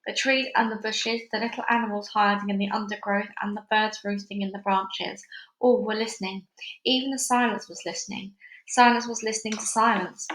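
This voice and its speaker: A woman's voice: mid-range voice, steady tone, fairly quick, fairly bright tone. A woman at home reading a children's book aloud as narrator, casual and chatty between chapters. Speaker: read-along narrator. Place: busy house. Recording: echoey room at home.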